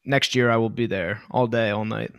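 A man co-hosting a podcast in loose, rambling casual chat full of fillers and swearing, his voice worn from yelling. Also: fairly low pitch, fairly even intonation, moderate pace, gravelly, clear, resonant tone, dry recording, clean studio sound. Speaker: podcast co-host.

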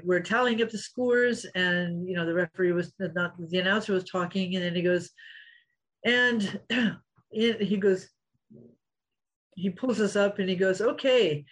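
Husky middle-aged woman spinning fight stories, acts out the quotes, laughs a lot. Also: fairly low pitch, low-quality recording. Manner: animated storyteller, acts out quotes, laughs often. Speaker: interview guest, former fighter. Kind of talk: storytelling interview.

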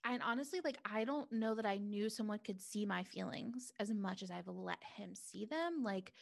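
A woman's voice: mid-range voice, moderate pace, creaky. A young adult woman talking candidly and reflectively in a casual conversation, with many filler words. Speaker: guest.

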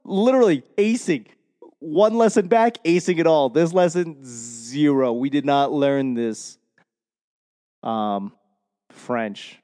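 Boston guy, slow unhurried delivery, smooth voice, long reverb around him, casual rambling monologue. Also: mid-range voice, dark tone. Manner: rambling, self-deprecating, swears freely. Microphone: microphone.

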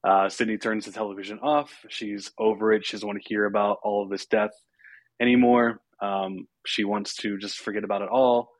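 A man's voice: lowish voice, flat delivery, moderate pace, no room sound. A man hosting a podcast, casually recapping a horror film with fillers and chuckles. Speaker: podcast host.

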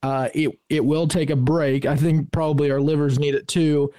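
A man's voice: on the high side, flat delivery, normal speed, warm tone, no room sound, clean studio sound. A man co-hosting a podcast, reading announcements in a chatty, joking way over a video call. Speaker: podcast co-host.

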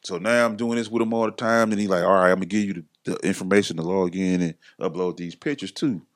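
A middle-aged man telling his story casually as a podcast guest, acting out other people's lines in a raised voice. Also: fast. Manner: animated, acts out others' lines in a higher voice.

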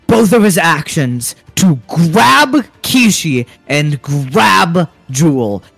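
A man narrating a tabletop game as game master, unhurried and hesitant with fillers. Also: fairly high pitch, animated, gravelly, fairly bright tone, no room sound, faint music behind.

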